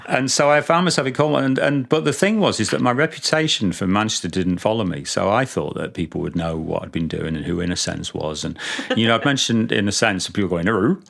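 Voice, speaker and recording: A middle-aged man telling stories as a podcast guest, halting with many restarts. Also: fairly low pitch, creaky, a bit bright. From Britain. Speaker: podcast guest, multi-instrumentalist. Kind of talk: casual storytelling interview.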